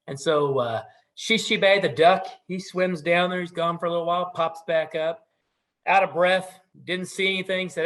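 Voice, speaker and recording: A middle-aged man telling a traditional story in a relaxed, conversational way, with asides and fillers. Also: sits high, moderate pace. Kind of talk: casual oral storytelling.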